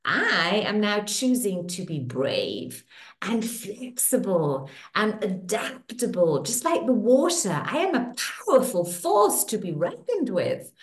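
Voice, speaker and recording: A middle-aged woman leads a group through guided tapping and affirmations, speaking slowly with a lively, rising and falling voice. Her soothing lines repeat in a steady rhythm. The recording has a noticeable room echo. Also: mid-range voice. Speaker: facilitator leading a women's circle. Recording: echoey room.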